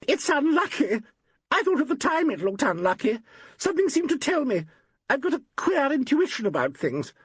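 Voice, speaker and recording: Male reader as a hysterical actress: shrill, high, swooping voice for an audiobook. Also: sing-song, moderate pace, no echo.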